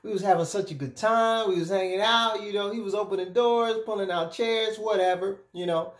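Guy life coach giving advice straight to camera, emphatic and lively, echoey room. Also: high voice, fairly quick. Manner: animated, emphatic, repeatedly checks in with "okay?". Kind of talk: direct-to-camera advice monologue.

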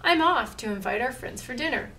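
An eager little storybook witch, played by a woman reader, bright and chatty. The voice sits a little higher than usual, with a gravelly edge. It is picked up by a distant mic over faint room noise. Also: lively intonation, a little fast. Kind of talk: picture-book read-aloud.

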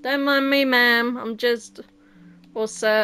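A woman's voice: a little high, steady tone, measured pace, a bit bright, smooth. A young woman playing a horror game and commenting, joking sarcastically and giggling often. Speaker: let's play host.

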